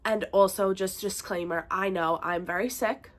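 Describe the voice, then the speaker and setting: A woman's voice: mid-range voice, fairly even intonation, normal speed. Woman, nasal, stuffy from a cold, rambling casual vlog chat, young adult, home bedroom. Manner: chatty, rambling, with frequent fillers. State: congested from a bad cold. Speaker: vlogger.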